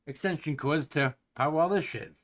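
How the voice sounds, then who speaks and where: A man in casual chat who talks in a rambling, halting way, full of fillers and the odd curse word. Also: on the high side.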